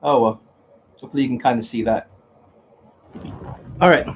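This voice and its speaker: A man's voice: medium pitch, normal speed, dull audio, a little hiss or hum. A man talking casually to camera as a dating coach, blunt and repetitive, lecturing in a home video. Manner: blunt, repetitive, lecturing, swears under his breath.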